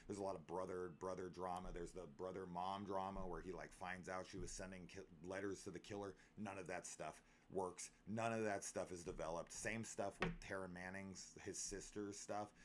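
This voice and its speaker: A man's voice: on the low side, a bit bright. A man reviewing a horror film in an exasperated rant, swearing freely and repeating himself in disbelief. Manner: exasperated, incredulous and profane, with frequent fillers and repeats.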